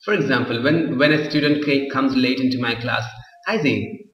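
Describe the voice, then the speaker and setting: A man teaching an English literature class, explaining slowly and often repeating himself. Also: medium pitch, fairly even intonation. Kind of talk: classroom lecture. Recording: roomy echo, far from the mic, dull lo-fi sound.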